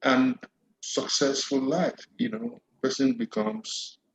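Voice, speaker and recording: A man answers as an interview guest and doctor, measured and earnest. He speaks very slowly and deliberately in a middle-pitched voice. His sound is dull and roomy, with a faint hiss behind it. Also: sing-song, vocal fry. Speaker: guest, medical officer. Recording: dull, echoey line with faint noise.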